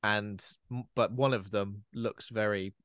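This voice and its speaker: A man's voice: on the low side, fairly even intonation, a little slow, a bit bright, clean tone, no room sound. A man co-hosts a podcast, chatting about a horror film in a joking, riffing way and tossing in mock character voices. The recording is dry and close, with no room sound. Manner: jokey, riffs with comic asides and voices. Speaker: podcast co-host. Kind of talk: casual chat recapping a film.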